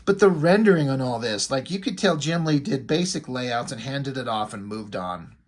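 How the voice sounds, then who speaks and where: This casual video commentary features a man reviewing a comic book in a loose, rambling way, heavy on "like" and "you know," with blunt jabs of mockery. His mid-range voice has lively intonation and a moderate pace.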